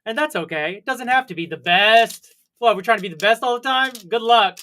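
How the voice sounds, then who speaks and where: A fairly high-voiced young man chats alone to his livestream audience. He rambles, mocks himself and throws in wry jokes. He talks in a loose, unscripted way. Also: brisk, pushed and bright. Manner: rambling, self-mocking, jokey asides. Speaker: livestream host. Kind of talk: casual solo livestream chat.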